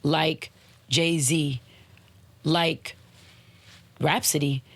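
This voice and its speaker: A woman's voice: low voice, steady tone, very slow, no echo. A woman hosting a podcast, giving casual motivational talk and slipping into playful voices for examples. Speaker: podcast host.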